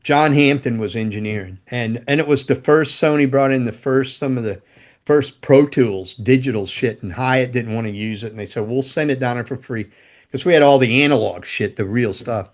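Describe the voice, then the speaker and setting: A man's voice: mid-range voice, moderate pace. Profane, laughing man spinning road stories. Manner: loose and profane, laughs mid-story, acts out quotes. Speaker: guest, former guitar tech and roadie. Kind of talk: casual anecdotal storytelling.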